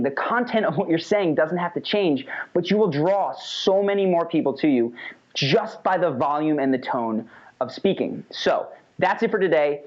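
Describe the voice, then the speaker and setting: A man teaching an online course in a casual, energetic way, sometimes demonstrating how his voice changes. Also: fairly high pitch. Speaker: course instructor. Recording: slightly dull lo-fi audio.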